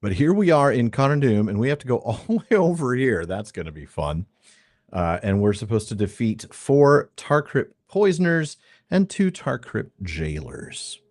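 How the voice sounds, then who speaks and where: A man's voice: mid-range voice, sing-song, moderate pace, a little mellow, no room sound, clean studio sound. A man hosting a game stream, chatting casually and thinking aloud as he plays. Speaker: streamer and podcast host. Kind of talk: casual gameplay commentary.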